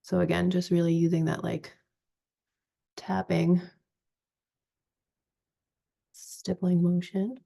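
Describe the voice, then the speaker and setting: A woman in her forties giving a chatty, relaxed step-by-step makeup tutorial. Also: lowish voice, a little slow, gravelly. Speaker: makeup vlogger.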